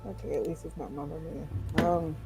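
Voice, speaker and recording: A woman's voice: low voice, fairly even intonation, moderate pace, over loud music. A woman playing in a tabletop game, hesitant at times and playful with the group. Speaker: player.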